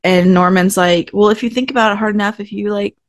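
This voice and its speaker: A woman's voice: mid-range voice, fairly even intonation, brisk, dry recording, clean studio sound. A woman co-hosting a podcast, casually retelling TV episode scenes and acting out the characters' lines. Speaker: podcast co-host. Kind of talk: casual recap chat.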